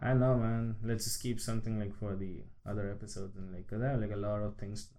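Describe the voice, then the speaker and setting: A young man, telling a story in casual podcast chat, animated and laughing, swearing freely. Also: fairly low pitch, fast. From India. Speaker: podcast co-host. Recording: roomy echo.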